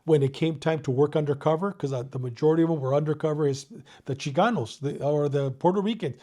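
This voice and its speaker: Older man with a dark, mellow voice. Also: a little high, fast talker. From Mexico. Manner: animated, profane, peppers speech with "dude" and "you know what I mean". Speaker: retired police detective, guest. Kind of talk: casual interview storytelling.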